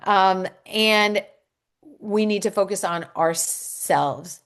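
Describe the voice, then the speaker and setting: A woman's voice: medium pitch, slow, fairly bright tone, clean tone. A middle-aged woman, a divorce coach, giving a workshop talk and answering questions in an earnest, reassuring way, with many ums and restarts.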